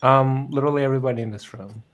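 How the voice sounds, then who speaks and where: A man's voice: medium pitch, steady tone, racing, lo-fi sound. A man introducing himself as a player on a tabletop stream, easygoing and friendly. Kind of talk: casual stream chat.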